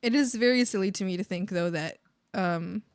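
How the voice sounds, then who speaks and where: A woman's voice: mid-range voice, normal speed, clear, resonant tone, no room sound, studio quality. A Canadian woman from the Maritimes chatting casually on a live art stream, bubbly and giggly, rambling with lots of fillers.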